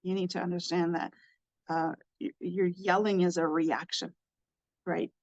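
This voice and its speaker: A woman's voice: on the low side, little pitch movement, unhurried, no room sound, highs cut off. A woman hosting a podcast, earnestly explaining parenting to listeners with frequent restarts. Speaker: parenting educator and podcast host. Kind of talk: instructive podcast monologue.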